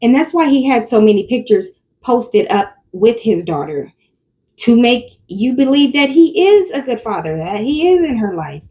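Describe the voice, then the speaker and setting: A woman hosts reaction commentary, scolding the people in the clip with blunt remarks. Her voice is high and mellow, and it swings widely in pitch. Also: big pitch swings, moderate pace. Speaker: commentary channel host.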